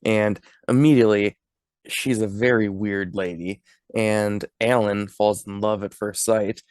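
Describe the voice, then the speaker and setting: A man's voice: fairly low pitch, fairly even intonation, measured pace, darkish tone, clean tone, no room sound, clean studio sound. A man co-hosting a podcast who laughs often while retelling movie scenes and acting out the lines. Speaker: podcast co-host. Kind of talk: casual movie recap chat.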